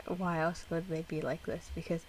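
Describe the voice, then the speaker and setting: A woman's voice: lowish voice, level tone, normal speed, far from the mic, a little hiss or hum, poor audio. A young woman casually reacting to a music video, chatty and giggly, rambling with lots of fillers.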